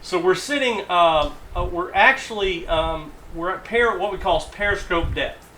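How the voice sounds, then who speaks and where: Brief: radio host man, forties, higher-pitched bright voice, animated storyteller. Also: reverberant, a little hiss or hum. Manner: animated anecdotal storyteller, halting asides.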